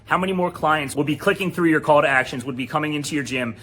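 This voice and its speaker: Man, from New Jersey, rapid-fire, sharp forceful tone, blunt sales pitch, casual swearing, screen-share demo. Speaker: fitness business presenter.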